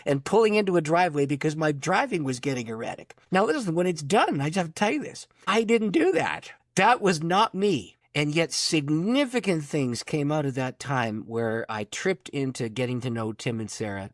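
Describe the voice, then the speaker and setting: A man's voice: medium pitch, lively intonation, fairly quick, few pauses, no echo, studio quality. A middle-aged man, a pastor, telling a personal story in conversation, acting out the voices in his quotes. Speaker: pastor and author, podcast guest.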